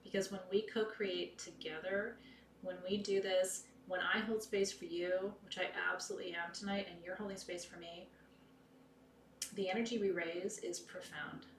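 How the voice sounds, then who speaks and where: Soft-spoken woman leading a ritual. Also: mid-range voice, steady tone, normal speed. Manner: soft, heartfelt, intimate, often dropping to a whisper. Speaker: ritual leader. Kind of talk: leading an online pagan ritual. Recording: echoey room, distant mic, faint noise.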